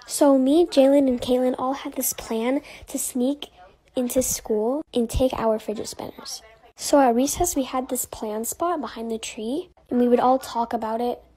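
A woman's voice: fairly high pitch, dark tone, low-quality recording. A woman telling a casual storytime in a chatty, rambling way.

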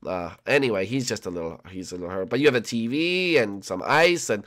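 Young man, gaming host, lively animated voice, rambling commentary. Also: lowish voice, fairly quick, few pauses. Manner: rambling, excitable, lots of fillers. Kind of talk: gameplay commentary with role-play.

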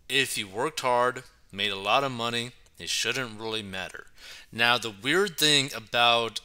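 A man giving casual, chatty commentary, peppering his talk with "right" and "like". His voice is strikingly bright and crisp, sitting slightly low in pitch. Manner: chatty, keeps saying right and like. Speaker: commentary channel host. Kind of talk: casual commentary reading news.

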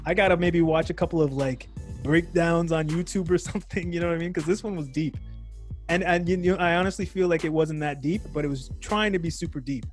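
A man's voice: fairly high pitch, fairly quick, soft background music. A man co-hosting a podcast, reviewing a movie in casual, slangy chat and laughing often. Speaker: podcast co-host.

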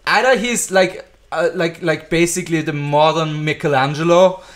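A young man with a German accent, host of a casual podcast, joking and laughing often. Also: normal speed. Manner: joking, laughs often, jumps into high silly voices.

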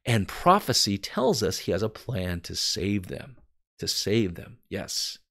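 A man's voice: lowish voice, big pitch swings, unhurried, creaky, a bit bright. An American man teaching from the Bible in an earnest, emphatic way, speaking straight to his viewers. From United States.

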